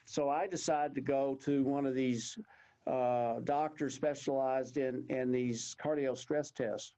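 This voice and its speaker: A man's voice: mid-range voice, steady tone, measured pace, dark tone, low-quality recording. Folksy Texan man telling a story. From Texas. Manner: folksy, rambling, acts out others' lines. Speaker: guest. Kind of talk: storytelling in an interview.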